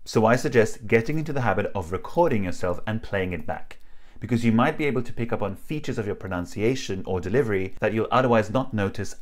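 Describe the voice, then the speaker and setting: A man with a British RP accent teaching pronunciation in an accent tutorial, speaking clearly and drilling words slowly and carefully. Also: on the low side.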